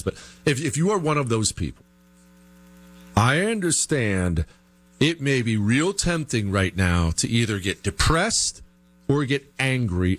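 A man hosting a commentary show, giving an emphatic opinion monologue full of rhetorical questions and slow, stretched stresses on key phrases. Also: no room sound. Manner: animated and emphatic, with big pitch swings and rhetorical questions.

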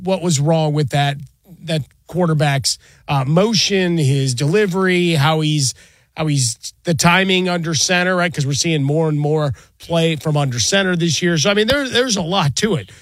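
A man's voice: fairly high pitch, normal speed, fairly bright tone, no room sound. A man co-hosting a sports radio show, talking it through in a loose, conversational way. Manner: conversational, hedging with restarts. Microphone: studio mic.

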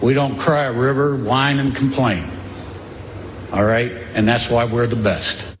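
A man's voice: mid-range voice, steady tone, a little slow, a little hiss or hum. A man, a head football coach, giving blunt, defiant remarks at a media day press session, with many fillers. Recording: echoey hall with faint ambience.

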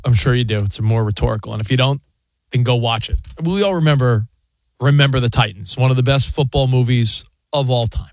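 A man's voice: medium pitch, a little fast, no echo. A man co-hosting a sports talk show, speaking in a rambling, playful, hedging way from a studio. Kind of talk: casual sports radio banter.

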